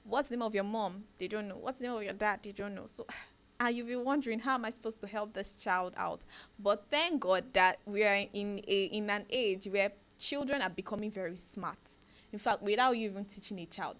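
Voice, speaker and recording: A woman, hosting a casual radio talk segment, chatty and animated, laughing often and asking rhetorical questions. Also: medium pitch. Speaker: radio show host. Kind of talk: casual talk segment giving parenting advice.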